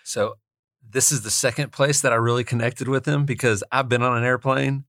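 A man co-hosting a book discussion, chatting in a relaxed, conversational way. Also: medium pitch, moderate pace, no room sound, studio quality. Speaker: podcast co-host.

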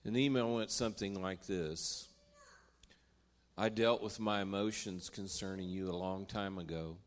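A man's voice: sits low, fairly even intonation, a little slow. An older man giving a heartfelt testimony in church, telling the story with earnest storytelling. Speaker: preacher. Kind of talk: testimony from the pulpit. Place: church stage.

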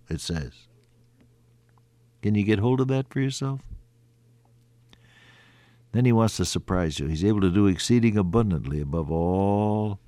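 A man preaching an earnest sermon, quoting scripture in old-fashioned wording and rising, then dropping to a hushed voice. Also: mid-range voice, expressive, normal speed, no echo, studio quality. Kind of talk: radio sermon.

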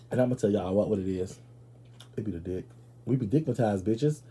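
A man hosting a podcast in a casual comedic monologue. He is brash and profane, talks straight to his listeners, and jumps into loud, high-pitched outbursts. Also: fairly even intonation, brisk, slightly rough. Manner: addresses listeners directly. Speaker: podcast host.

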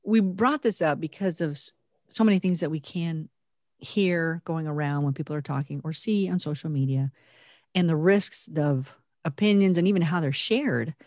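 A woman co-hosting a podcast, talking earnestly and reflectively with animated emphasis. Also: sits low, normal speed, no room sound, studio quality. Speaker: podcast co-host. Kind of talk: conversational podcast talk.

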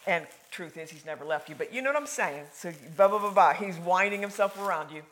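A woman preaching a sermon in a folksy, conversational way, swinging from loud emphasis to hushed, near-whispered lines. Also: on the low side, lively intonation, fairly quick.

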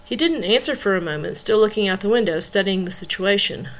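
A woman reading a novel aloud in steady storytelling narration. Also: medium pitch, brisk, poor audio. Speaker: audiobook reader.

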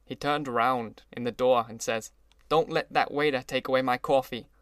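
A man voicing a gloomy, sentimental older gangster, speaking slowly and with heavy emphasis. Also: mid-range voice, fairly even intonation, fairly bright tone, no room sound, studio quality, natural voice. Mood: matter-of-fact. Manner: brooding, slow, emphatic.

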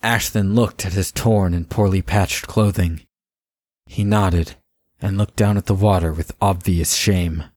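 A man narrating a fantasy audiobook in a measured, even storytelling manner. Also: sits low.

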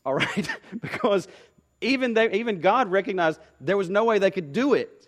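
A man's voice: sits high, expressive, moderate pace. A pastor preaching a sermon to his congregation, emphatic and repeating key phrases, often asking rhetorical questions.

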